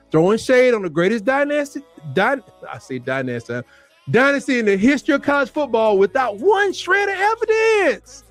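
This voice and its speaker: A man with a strikingly high voice hosts a sports talk show, ranting in a fired-up, animated way and hammering his points with repetition. Faint music plays underneath him. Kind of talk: heated sports commentary rant.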